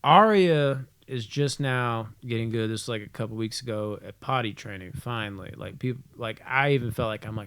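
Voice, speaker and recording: A man's voice: mid-range voice, a little fast, hardly any pauses, smooth. A young man co-hosting a podcast, telling a funny story in a casual chat, swearing freely and laughing as he talks. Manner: animated storyteller, swears freely, laughs through his lines. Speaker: podcast co-host.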